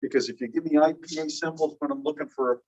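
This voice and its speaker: A man teaching a linguistics class, explaining slowly and repeating key phrases while checking that students follow. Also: fairly high pitch, steady tone, darkish tone, breathy edge. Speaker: linguistics instructor. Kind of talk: classroom lecture. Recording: muffled distant classroom recording.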